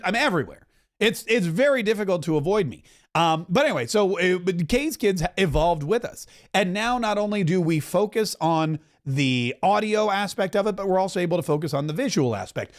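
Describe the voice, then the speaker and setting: A middle-aged man from Canada hosts a political commentary podcast. His voice sits high for a man and leaps up and down lively as he talks. He jokes his way through the show. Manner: animated, joking, talks with his whole voice. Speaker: podcast host.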